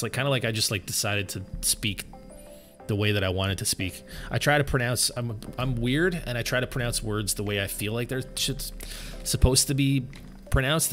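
A game streamer with a medium-pitched, slightly bright voice plays live and chats casually, answering questions from his viewers. He sounds tired.

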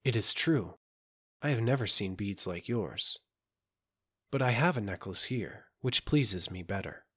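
A man's voice: fairly low pitch, lively intonation, measured pace, bright, forceful tone, heavily acted. A man doing a clever, confident young squire. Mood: sly. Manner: smooth, confident and teasing.

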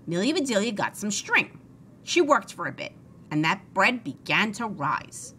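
A woman reading a children's book aloud in an expressive, sing-song way. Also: mid-range voice, fairly quick, slight background noise. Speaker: storybook reader.

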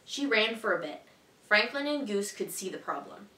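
Woman teacher reading a kids book out loud, bright voice, echoey room, mic kinda far off. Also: medium pitch, normal speed. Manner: clear, expressive, evenly paced reading. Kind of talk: storybook read-aloud for children.

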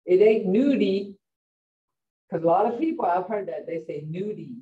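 A woman teaching a language class, saying words slowly and repeating them to stress their sounds and tone. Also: lowish voice. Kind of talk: pronunciation lesson. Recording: dull, roomy, distant from the mic.

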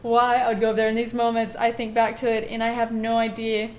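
A woman's voice: a little high, monotone, fast, slight background noise. Rambling woman telling a ghost story. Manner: rambling, heavy on filler words and restarts. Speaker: gaming channel host. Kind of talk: casual spoken ghost story.

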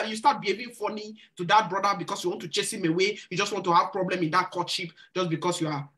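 A woman with a fairly low voice hosts a live church Q&A for singles. She gives marriage advice in an earnest, preacherly way and repeats phrases to drive each point home. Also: steady tone, quick pace, few pauses, a bit bright. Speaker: church singles ministry host. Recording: live stream.

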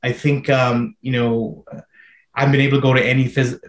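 A man who works as a filmmaker answers questions in a Q&A interview. He talks in an even, flat tone, searching for words with many fillers and restarts. The sound is roomy and echoey, as over a video call. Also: mid-range voice, brisk. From Canada.

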